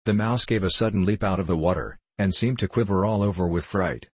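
A man narrating a storybook in a measured, even way. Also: low-pitched, breathy edge. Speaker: audiobook narrator.

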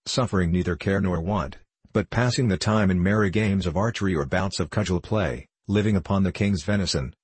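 A man narrating an old-fashioned storybook tale in a steady storytelling voice. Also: sits low, slightly rough, no room sound.

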